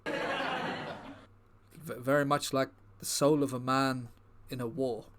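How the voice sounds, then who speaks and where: A man playing a brooding, self-serious male war-veteran comedian, with a solemn, halting, grave delivery. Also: mid-range voice, big pitch swings, noisy background.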